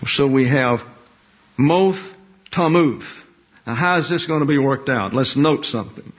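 Man giving a deliberate Bible lesson, lo-fi. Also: mid-range voice, husky. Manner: slow, deliberate, explanatory delivery, repeating key words for emphasis. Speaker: Bible teacher. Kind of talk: expository Bible teaching. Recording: dull lo-fi recording.

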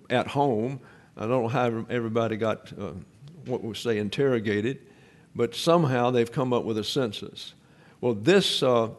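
Male preacher, mid-pitched, methodical scripture teaching, repeats key points. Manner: methodical, explains Greek grammar step by step, repeats points. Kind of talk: Bible teaching sermon.

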